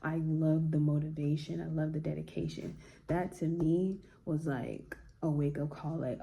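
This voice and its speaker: Gravelly low-voiced woman vlogger. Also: normal speed, a little hiss or hum. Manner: relaxed, slangy, reflective talk. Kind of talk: casual chat.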